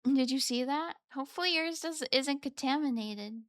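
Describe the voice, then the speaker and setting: Bright high-voiced woman, playful streamer. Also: moderate pace, no room sound, studio quality. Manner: playful, chatty, meows between chat replies. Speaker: live streamer reading chat. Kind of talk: casual live-stream chat.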